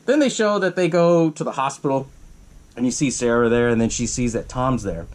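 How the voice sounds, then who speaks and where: A man's voice: a little high, lively intonation, brisk. A man hosting a podcast, casually retelling a horror film's plot in a rambling, profane way, jumping into the characters' lines in raised voices. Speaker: podcast host. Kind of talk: casual movie recap.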